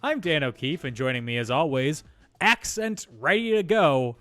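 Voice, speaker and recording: A man's voice: on the high side, soft background music. A man hosting a movie podcast in casual, playful chat. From Illinois. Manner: animated, playful, quick. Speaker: podcast host.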